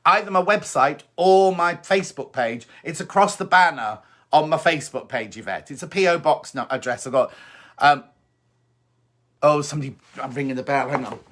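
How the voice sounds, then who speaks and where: At a normal pace and with a fairly bright tone, a man whose voice runs on the high side hosts a sewing stream from home. He keeps the chat lively and positive, repeats himself, and reads what viewers write aloud.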